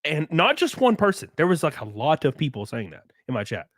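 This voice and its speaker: A fairly high-pitched male streamer speaks a little fast in a Southern Alabama accent, sounding stuffed up from a runny nose. His rant is casual and animated, laced with profanity and mockery. Clean studio sound, no echo.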